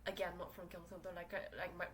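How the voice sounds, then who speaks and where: A woman's voice: lowish voice, flat delivery, fast, slight background noise, low-quality recording. Rambling young Korean woman podcasting at home. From South Korea. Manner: rambling, full of fillers and restarts. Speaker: podcast host. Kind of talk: casual solo podcast chat. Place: small room at home.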